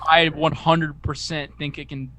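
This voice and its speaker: A young man, a music producer guest, chatting casually in an energetic, crude, swearing, joking way. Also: a little high, measured pace, no room sound. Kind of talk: casual chat.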